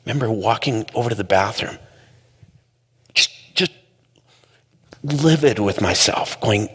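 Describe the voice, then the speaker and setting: A man telling a story in a conversational, animated way during a talk. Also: on the low side, a little slow, pauses often, husky. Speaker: speaker. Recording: long hall reverb.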